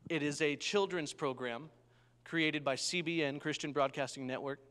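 With a clear, resonant tone and normal speed, a young preacher brings his sermon to life through storytelling, regularly urging the congregation to say amen. His voice sits on the higher side for a man, and the hall's long reverb trails after him.

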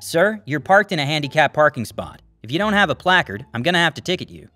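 A man doing a calm, polite parking officer. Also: on the high side, quick pace, dry recording, faint music behind. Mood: formal.

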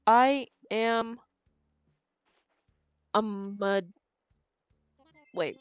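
This young woman talks extremely slowly in a smooth, medium-pitched voice while streaming a video game, giggling and chatting casually with her chat. Faint game music plays in the background. The recording is dry, with the highs cut off.

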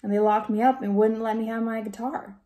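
A woman reading aloud and voicing a shy, lonely grown man who speaks softly and hesitantly in a storybook. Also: on the high side, fairly even intonation, a little fast, natural voice. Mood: confiding.

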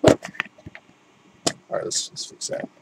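A man's voice: mid-range voice, measured pace, very noisy. Rambling, swearing unboxing guy. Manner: rambling, self-mocking, swears a lot. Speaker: unboxing vlogger. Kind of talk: casual unboxing commentary.

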